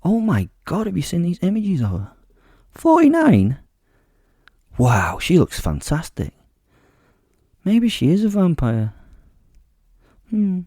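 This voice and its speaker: A man's voice: high-pitched, wildly swooping pitch, measured pace, long pauses, dark tone, slightly rough, no room sound, clean studio sound. A man telling a crude, rambling story in a sardonic tone as the werewolf narrator of an audio drama.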